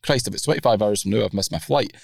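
A man's voice: lowish voice, very fast, creaky, no echo, clean studio sound. A Scottish man hosting a sports podcast, talking casually with a self-deprecating, laughing manner. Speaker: podcast host.

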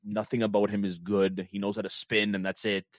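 A man co-hosting a casual football chat, talking in a rapid, profane and emphatic way. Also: lowish voice, little pitch movement, no echo. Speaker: podcast co-host.

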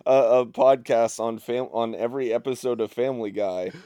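A man's voice: medium pitch, brisk, warm tone, dry recording, clean studio sound. A young man co-hosting a casual podcast chat, teasing and laughing often. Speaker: podcast co-host.

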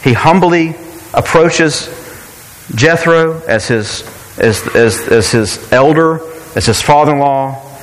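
A man's voice: a little high, slow, big-room sound, slight background noise, low-quality recording. A man preaching a sermon in a conversational way, often repeating words and asking rhetorical questions. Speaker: pastor.

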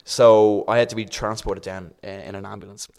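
A young Irish man from Dublin, speaking in a lowish voice with vocal fry at a moderate pace, tells a long story as a podcast guest. He's animated throughout and gives each person in the tale their own voice.

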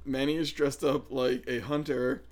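A podcast co-host excitedly retelling a scene and breaking into laughter. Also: mid-range voice, moderate pace. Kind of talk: casual chat.

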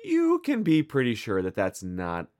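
Lively Midwestern American man. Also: medium pitch, a little slow. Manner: rambling and animated. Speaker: podcast co-host. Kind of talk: casual chat.

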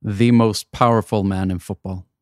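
A man hosting a podcast interview, firing off quick, brisk questions. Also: on the low side, fairly even intonation, darkish tone, no room sound, clean studio sound. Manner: brisk, rapid-fire questioning. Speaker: podcast host.

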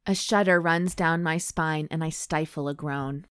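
Woman host reading smut out loud, deadpan, lowish voice, dry sound. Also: unhurried, clean tone, no echo. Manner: deadpan reading broken by laughing asides. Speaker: podcast host reading erotica aloud. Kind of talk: dramatic reading with comic banter.

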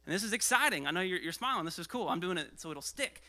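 Guy pastor preaching, kinda high bright voice, out of breath, goes loud then hushed. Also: quick pace, hardly any pauses. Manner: animated, swings between loud and hushed. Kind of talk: sermon.

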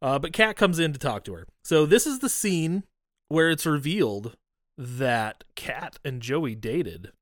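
A man's voice: a little high, measured pace, no echo, studio quality. A man co-hosting a casual movie podcast, recapping scenes with a lot of swearing and laughter. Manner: animated, profane, laughing recaps. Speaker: podcast co-host. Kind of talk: casual chat.

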